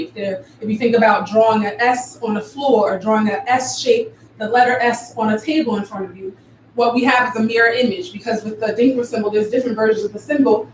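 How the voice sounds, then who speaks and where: A woman teaching a live dance class, counting rhythms out loud with vocal syllables like ba and da, and explaining arm and foot movements. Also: a little high. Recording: echoey room from far off, faint noise.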